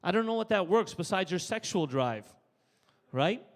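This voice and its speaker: Canadian man doing stand-up, high voice, punchy delivery, live club with long reverb. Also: animated, normal speed. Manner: punchy, tags jokes with "right?". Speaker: stand-up comedian. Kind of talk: stand-up set. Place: live comedy stage.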